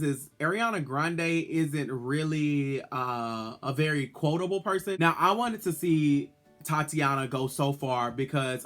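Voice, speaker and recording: Sassy chatty man with a higher voice. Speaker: drag queen vlogger reviewing an episode. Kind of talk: casual video review.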